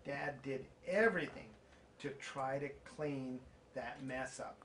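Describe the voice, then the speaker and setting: A man's voice: mid-range voice, takes it slowly, gravelly, a bit bright, a little hiss or hum. A man hosting his channel, eagerly retelling a family story and laughing along while he prompts his father. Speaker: channel host. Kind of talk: casual storytelling and viewer Q&A.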